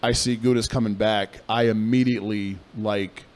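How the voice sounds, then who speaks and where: A young man co-hosting a casual radio chat, telling a story in a profane, animated way. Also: on the low side, moderate pace. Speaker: podcast co-host.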